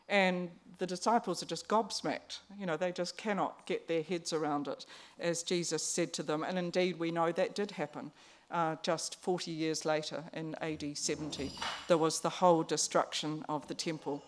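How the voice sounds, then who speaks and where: A woman preaching a conversational sermon, pausing on fillers and restarts. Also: lowish voice, fairly even intonation.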